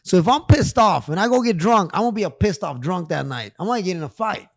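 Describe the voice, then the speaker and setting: On a relaxed podcast, a middle-aged man who works as a therapist speaks quickly in a high, expressive voice with vocal fry, captured dry and clean in a studio. His delivery is emphatic and slangy, full of swearing, repetition and restarts.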